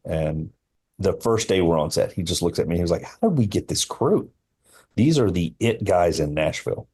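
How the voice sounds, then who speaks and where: Deep-voiced man telling an earnest story. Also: warm tone. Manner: earnest, halting, many fillers and restarts. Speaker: film line producer, podcast guest. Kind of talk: storytelling in a podcast interview.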